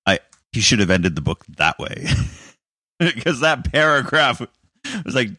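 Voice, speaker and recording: A man's voice: mid-range voice, big pitch swings, slow, bright, forceful tone, no room sound, studio quality. A man co-hosting a podcast in casual chat, laughing often and restarting his sentences. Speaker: podcast co-host.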